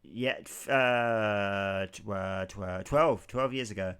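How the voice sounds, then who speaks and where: A man's voice: on the low side, slow pace, fairly bright tone, clear, resonant tone. A man in his thirties co-hosting a podcast, chatting casually and rambling, with many fillers and the odd curse. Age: 30s. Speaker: podcast co-host. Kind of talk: casual chat.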